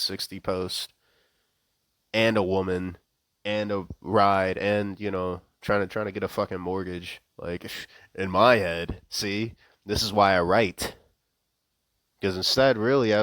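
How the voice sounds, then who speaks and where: A young vlogger rants without a script, close to the microphone, rambling and swearing with wry laughs and lots of fillers. His voice sits on the low side, and there's no echo.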